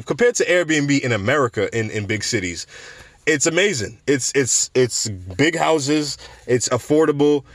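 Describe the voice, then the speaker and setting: A man's voice: medium pitch, dry recording. A young man from New York hosting a podcast, rambling through casual stories with restarts and laughs. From New York City. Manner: rambling, animated storytelling with frequent restarts and laughs. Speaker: podcast host.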